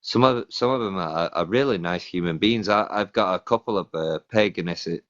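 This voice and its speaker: British guy hosting a live stream, lowish voice, keeps stumbling, muffled audio. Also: moderate pace, fairly bright tone. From Britain. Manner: hesitant, restarts often. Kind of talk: casual chat.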